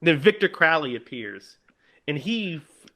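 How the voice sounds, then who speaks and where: A man co-hosting a podcast, casually retelling a film's plot and animatedly acting out its lines. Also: on the high side. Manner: animated, acts out lines in quick put-on voices. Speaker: podcast co-host.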